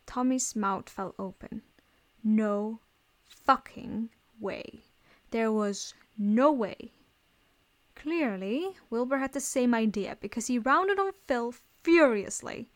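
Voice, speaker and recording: A woman reading fan fiction aloud in a steady storytelling voice. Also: on the high side, slow. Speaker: reader.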